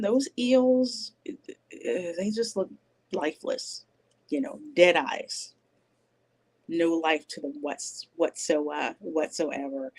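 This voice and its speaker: Chatty woman hosting a live review stream. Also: on the low side. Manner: rambling, with frequent fillers and restarts. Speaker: livestream host reviewing a movie. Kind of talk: casual live chat, reading viewer comments aloud.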